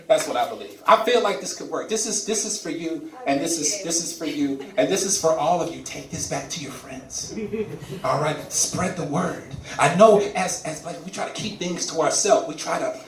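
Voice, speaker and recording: A man doing a stand-up comedy set, animated, chuckling at his own jokes and repeating words for emphasis. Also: on the high side, moderate pace, roomy sound, recorded from a distance, rough recording. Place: comedy club stage.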